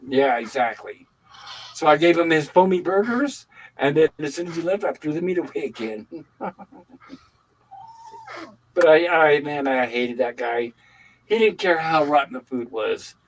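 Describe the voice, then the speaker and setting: An older man hosting a livestream, chatting casually and telling animated stories. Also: on the high side, measured pace, long pauses, slight background noise, low-quality recording. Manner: animated storytelling. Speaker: livestream host. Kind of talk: casual chat.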